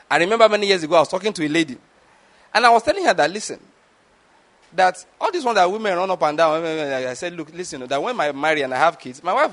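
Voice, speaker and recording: A man's voice: high-pitched, fairly bright tone. A man preaching a sermon, often asking his listeners if they follow him. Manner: asks the audience rhetorical questions and checks understanding. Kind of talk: sermon teaching.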